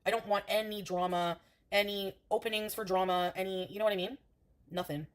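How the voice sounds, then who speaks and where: A woman from Canada rants on her livestream, profane and defensive. She talks quickly at an ordinary middle pitch, piling one complaint onto the next. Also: fairly even intonation. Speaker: streamer. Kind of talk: ranting livestream.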